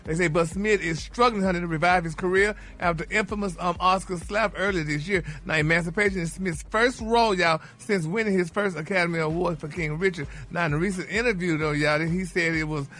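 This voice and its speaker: A man's voice: sits high, brisk, few pauses, fairly bright tone. Flamboyant man dishing celebrity gossip. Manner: flamboyant, peppers talk with "honey" and "y'all". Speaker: celebrity news reporter on a radio morning show. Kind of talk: gossipy radio chat.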